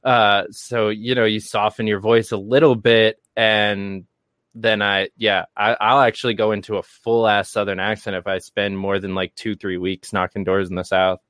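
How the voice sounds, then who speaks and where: A man from New York trades wry, teasing remarks in a relaxed conversation. His voice sits a little low, and the recording is dry and close. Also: moderate pace, smooth, dry recording. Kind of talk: casual chat.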